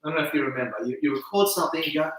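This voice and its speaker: Interview guest, male, animated explainer with a bright tone; recorded off-mic in an echoey room. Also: fairly high pitch, rapid-fire, distant mic. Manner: animated, acts out reactions with gasps and laughs. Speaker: video campaign founder, guest.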